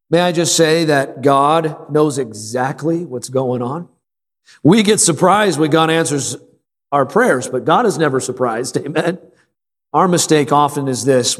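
A man's voice: a little high, lively intonation, moderate pace. Earnest man preaching in an echoing sanctuary. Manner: earnest, emphatic preaching with repeated phrases. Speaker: pastor. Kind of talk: sermon. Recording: long reverb of a large room.

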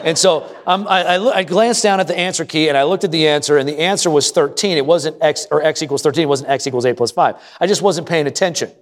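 A man's voice: a little high, quick pace, few pauses. A middle-aged man preaching a sermon as pastor, telling folksy family stories and asking the congregation questions. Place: church sanctuary. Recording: long hall reverb.

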